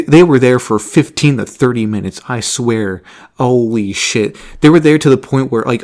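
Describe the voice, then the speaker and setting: A man's voice: medium pitch, darkish tone. A young man telling a rambling, casual story, laughing often and swearing freely. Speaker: vlogger.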